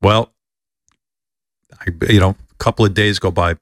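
A man telling a long personal story, animated and a bit profane, acting out the people he quotes. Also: fairly low pitch, moderate pace, dry recording, clean studio sound. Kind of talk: casual storytelling.

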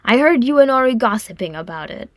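A woman's voice: a little high, lively intonation, fast, no echo, studio quality, voice pushed up, lightly acted. A woman reading a sardonic, grumbling male dwarf healer. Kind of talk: audiobook fan fiction reading.

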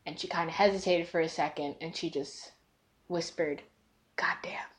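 A woman's voice: sits low, fairly even intonation, normal speed. A woman co-hosting a podcast in casual chat, talkative and giggly, with lots of fillers. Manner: chatty and giggly, with many fillers. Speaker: podcast co-host.

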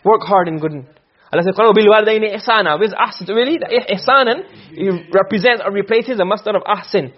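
A man teaching Arabic grammar in a classroom lesson, quizzing his students as he goes and reading Arabic text before explaining it. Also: sits high. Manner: quick, questioning, reads Arabic text then explains. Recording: dull lo-fi recording.

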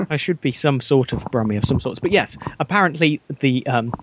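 A man's voice: mid-range voice, animated, normal speed, noisy background. A man from England's Black Country hosting a podcast in casual chat, dry and jokey with self-mocking asides. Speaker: podcast host.

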